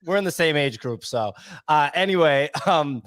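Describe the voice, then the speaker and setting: A man's voice: on the high side, expressive, normal speed, a bit bright, no echo. A man hosting a podcast in casual chat, rambling and chatty, often turning questions to his co-hosts. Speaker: podcast host.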